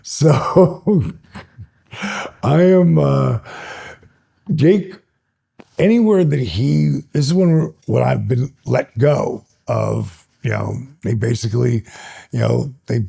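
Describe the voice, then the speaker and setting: A man in his sixties, a retired wrestler, telling stories as a guest in an interview in an animated, excitable way. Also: medium pitch, slow, creaky, long pauses, husky. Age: 60s. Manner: animated, builds stories up excitedly, laughs between phrases. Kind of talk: storytelling in an interview.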